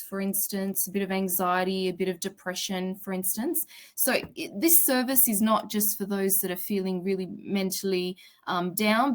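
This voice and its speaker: Chatty Australian woman hosting a webinar. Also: mid-range voice. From Sydney, Australia. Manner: chatty, greets viewers by name, fillers like "sort of" and "um". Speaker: webinar presenter, provisional psychologist. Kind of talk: informal live webinar talk.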